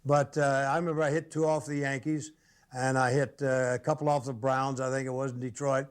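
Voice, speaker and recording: A man's voice: medium pitch, clear, resonant tone. Older man recalling his playing days. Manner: relaxed, halting recollection with fillers. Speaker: former ballplayer interviewee. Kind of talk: interview reminiscence.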